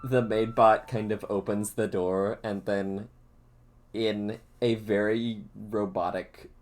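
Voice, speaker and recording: A man running a tabletop game as dungeon master, narrating haltingly with many fillers. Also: fairly low pitch, level tone, faint music behind. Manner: halting, full of fillers and laughs.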